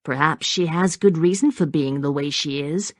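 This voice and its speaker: A woman voicing a resolute young gentlewoman. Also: low voice, moderate pace, no echo, studio quality. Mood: earnest. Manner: earnest, forceful.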